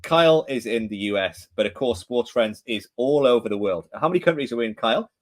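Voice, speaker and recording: A man's voice: medium pitch, expressive, brisk. A man with a Geordie accent from northeast England, co-hosting a podcast in casual chat, chatty and full of questions. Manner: chatty, asks many questions, friendly teasing. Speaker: podcast co-host, director of training. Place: home room in England.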